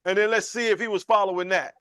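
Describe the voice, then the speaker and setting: A man's voice: quick pace, clean tone, no room sound. A man leading a conversational Bible class, asking questions and acting out quotes. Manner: animated, playful, acts out quotes with jumps in pitch. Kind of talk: conversational sermon with call and response.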